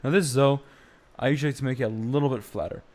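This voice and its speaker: A young man teaching chant on a live stream, explaining slowly and breaking into short sung phrases. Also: medium pitch, a little mellow. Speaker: music teacher.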